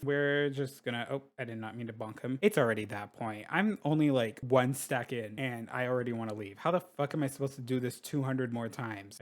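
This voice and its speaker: Young guy gaming youtuber, dramatic and chatty, swears a lot, middle pitch. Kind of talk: casual gameplay commentary.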